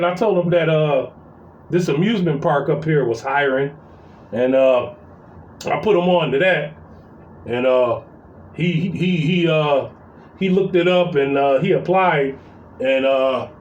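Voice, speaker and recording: A man's voice: fairly high pitch, lo-fi sound. A middle-aged man telling a long, profane story about his family, rambling and full of fillers and repeats. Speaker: vlogger venting about family. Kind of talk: casual storytelling rant. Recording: roomy echo.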